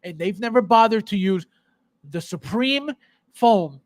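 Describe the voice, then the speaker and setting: Guy with a high voice going off on a sarcastic rant on his live show, super dry close sound. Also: expressive, normal speed, a bit bright, no echo. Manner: heated ranting, sarcastic; repeats phrases in exasperation. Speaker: podcast host. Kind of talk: live stream chat with viewers.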